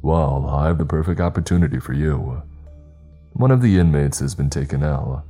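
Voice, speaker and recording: A lazy, smarmy prison guard who talks down to a younger colleague, as a narrator puts him on. The voice is extremely deep and darkly toned, over faint music. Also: male voice, moderate pace, mellow, slightly rough. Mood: patronizing. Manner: smarmy, patronizing.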